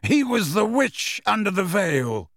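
A man voicing a wry, teasing grown man in an audiobook reading, delivered with lively intonation. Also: high-pitched, a little slow, creaky, dry recording, clean studio sound, pitched above the performer's own voice, heavily acted. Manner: teasing, self-assured.

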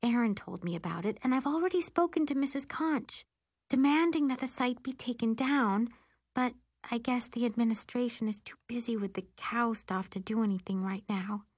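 Woman doing a hushed, apologetic teen girl. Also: fairly high pitch, normal speed, no echo, studio quality, pitched above the performer's own voice, lightly acted. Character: anxious earnest teenage schoolgirl whispering apologies.

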